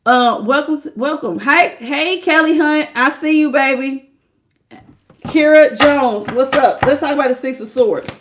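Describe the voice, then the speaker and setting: A woman's voice: sits high, unhurried. A woman giving a live tarot reading, talking casually to her viewers, laughing often and calling them baby. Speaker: tarot reader.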